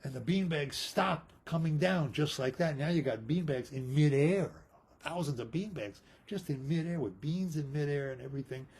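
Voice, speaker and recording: A man improvising an animated, playful story. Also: a little high, normal speed, husky.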